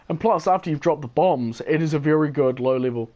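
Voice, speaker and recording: A man's voice: on the high side, brisk, few pauses, a little mellow. A man giving casual, rambling gameplay commentary, tired and yawning, with enthusiastic, playful asides. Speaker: gaming video host.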